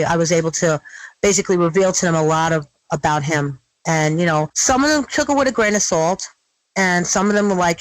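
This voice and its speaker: A middle-aged woman telling her story in an interview, blunt and animated, swearing freely. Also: fairly low pitch, dry recording, rough recording. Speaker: guest.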